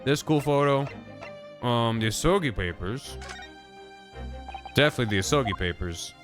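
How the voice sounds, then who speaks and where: A man's voice: mid-range voice, animated, moderate pace, pauses often. A man casually commenting while playing a game, joking and muttering confused asides, with game music behind him. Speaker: streamer.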